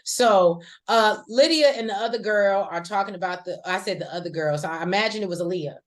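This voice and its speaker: Woman, casual recap chat, chatty, slangy, lively asides. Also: mid-range voice, a little fast. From rural American South. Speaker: podcast co-host.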